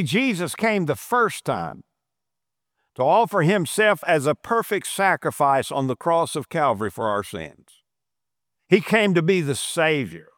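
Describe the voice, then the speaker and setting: A man's voice: on the high side, fairly bright tone, no echo, clean studio sound. A man preaching a sermon, emphatic and repeating phrases for stress. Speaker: pastor.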